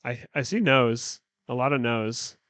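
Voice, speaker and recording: A man's voice: medium pitch, a little slow, fairly bright tone, dry recording. Rambling, jokey man on a dry mic. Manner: rambling, jokey, trailing off mid-sentence. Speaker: stream co-host getting a haircut. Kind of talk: casual live-stream chat. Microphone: handheld microphone.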